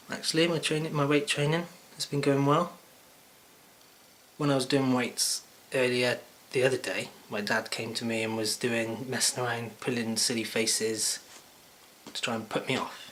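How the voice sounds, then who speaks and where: A man's voice: mid-range voice, normal speed, a bit bright, low-quality recording. A man hosting his own show, chatting unscripted straight into a camera mic in a rambling, jokey, self-deprecating way. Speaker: vlogger host. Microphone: camera microphone.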